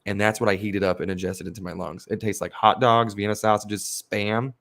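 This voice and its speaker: A man with a lowish voice chats on a podcast, spinning long, animated, rambling stories. He swears freely and keeps it loose and casual. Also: brisk, creaky. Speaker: podcast host.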